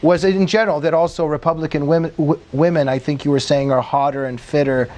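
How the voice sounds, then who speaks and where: A man's voice: fairly high pitch, steady tone, fast talker, darkish tone. Emphatic man hosting a political panel. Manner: emphatic, indignant. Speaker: talk show host.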